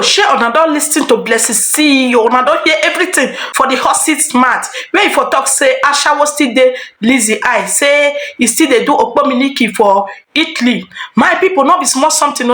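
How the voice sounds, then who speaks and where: A woman talk show host with a Nigerian accent, giving animated gossip commentary. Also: high-pitched, normal speed, roomy sound. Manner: animated, exclamatory Pidgin.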